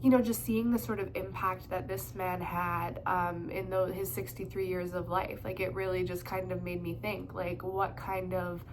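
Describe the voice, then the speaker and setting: Speaking at a normal speed with hardly any pauses, this twenty-something woman has a lowish, fairly even-pitched voice and a cold-blocked nose. She chats loosely about tarot and astrology in a filler-heavy spiritual vlog, over background noise.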